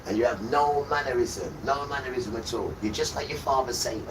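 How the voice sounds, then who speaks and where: A man's voice: medium pitch, a little fast. A man hosting a livestream, delivering a scolding, sermon-like rant full of repeated insults. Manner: scolding, repetitive, hurls insults. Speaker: livestream host. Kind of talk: ranting sermon-like monologue. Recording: distant mic with loud background noise.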